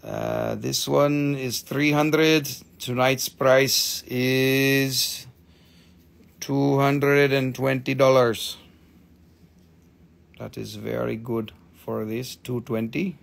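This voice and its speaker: A man's voice: mid-range voice, flat delivery, extremely slow, vocal fry. A man hosting a live crystal sale in a casual, chatty way, swearing freely and reading out viewer comments. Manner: stops to count and name items as he shows them. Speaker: live-stream crystal seller. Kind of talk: casual live sales chat.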